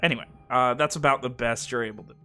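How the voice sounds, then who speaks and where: A man running a tabletop game as game master, talking in an animated way and laughing easily. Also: medium pitch, fast, soft background music.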